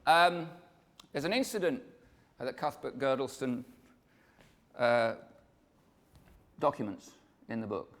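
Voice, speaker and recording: A man's voice: mid-range voice, lively intonation, takes it slowly, long pauses, a bit bright. A man giving a live pre-concert talk, chatting and joking with the audience in between singing his poems. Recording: long hall reverb with music.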